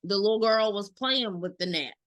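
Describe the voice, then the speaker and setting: A woman's voice: medium pitch, normal speed, fairly bright tone. A woman in her thirties co-hosting a podcast, telling a story animatedly, acting out the quotes and swearing freely. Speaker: podcast co-host. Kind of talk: casual storytelling chat.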